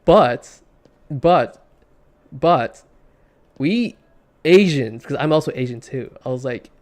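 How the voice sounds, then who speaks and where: Male streamer, mid pitch, blunt off-the-cuff gaming chatter with lots of stumbles. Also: expressive, slow pace, darkish tone. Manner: rambling, stammering restarts and repeated words; blunt, swears casually. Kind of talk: casual commentary while gaming.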